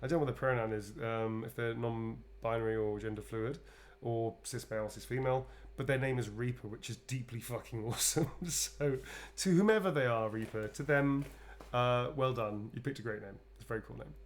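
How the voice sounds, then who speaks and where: A tired actor chats on a livestream in a brisk, medium-pitched voice with hardly any pauses. Rambling and playful, he draws viewer-requested sketches and calls his audience darlings.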